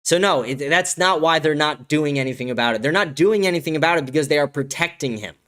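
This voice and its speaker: A man's voice: on the high side, lively intonation, fast talker, a bit bright. Angry ranting male stream host. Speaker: show host. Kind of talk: live-stream political commentary.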